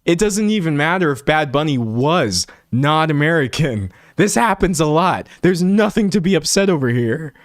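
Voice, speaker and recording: Animated rambling male streamer, dry sound. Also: fairly high pitch, moderate pace, hardly any pauses, no room sound. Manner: animated and rambling, self-mocking, many restarts. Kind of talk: live stream commentary reading chat.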